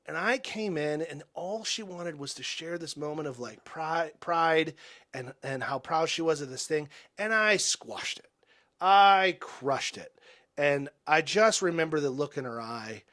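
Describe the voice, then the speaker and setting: Earnest, halting man, higher-pitched voice. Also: lively intonation. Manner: earnest, halting, many restarts, drops soft and quiet. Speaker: podcast guest. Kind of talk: reflective personal storytelling.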